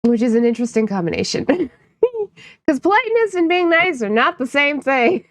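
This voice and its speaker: A woman's voice: sits high, very animated, normal speed, no echo. A woman from upstate New York, chatting casually with her live-stream viewers, playful and laughing often while she teases chat.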